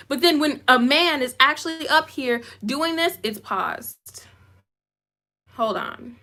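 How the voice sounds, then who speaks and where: A woman's voice: sits high, moderate pace, bright, forceful tone. A woman YouTuber doing live commentary and reading comments, talking emphatically and repeating herself for emphasis. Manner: self-described goofy.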